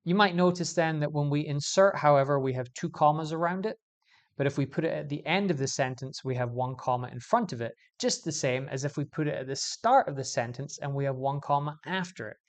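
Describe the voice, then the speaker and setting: A man teaching English grammar in a video lesson, explaining clearly and stressing key words as he goes. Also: on the high side, fairly quick.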